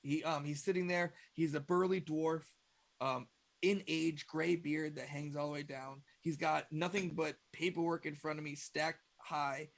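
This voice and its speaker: A man narrating a tabletop game as game master, describing scenes in a relaxed way with fillers. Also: a little high, a little slow, creaky.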